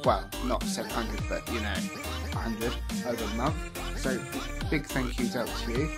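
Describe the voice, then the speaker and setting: A man's voice: mid-range voice, normal speed, over loud music. A British man chatting casually and giggling as he reacts to a cartoon episode, often trailing off mid-sentence. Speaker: reaction commentator. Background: cartoon episode soundtrack playing.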